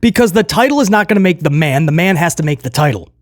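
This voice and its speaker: Animated, high-voiced male wrestling reviewer. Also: quick pace, no echo, studio quality. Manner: animated, laughing often, addresses viewers as guys. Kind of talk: casual commentary review.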